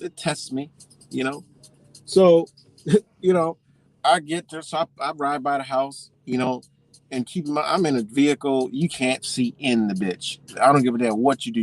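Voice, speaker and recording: A man casually telling a story as a vlogger, swearing freely and animated as he talks. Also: mid-range voice.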